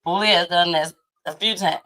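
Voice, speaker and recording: Middle-aged woman, low voice, chatty show host, laughs a lot, teasing. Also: moderate pace. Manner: laughs often, animated and teasing. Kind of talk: casual chat.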